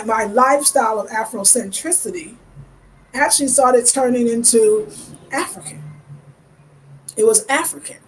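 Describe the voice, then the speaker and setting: A woman from the United States speaks straight to her audience in a reflective vlog monologue. Her voice sits a little high for a woman. She talks earnestly and searchingly, stacking rhetorical questions as she goes, with a faint hiss of noise underneath. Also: rough recording. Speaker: lifestyle vlogger.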